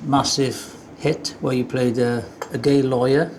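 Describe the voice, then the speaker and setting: A man's voice: mid-range voice, level tone, measured pace, darkish tone. Bloke hosting a chat, teasing his guest, keeps the questions coming, noisy background. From Wales. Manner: friendly, teasing, prompting questions. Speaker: interview host. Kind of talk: casual interview chat.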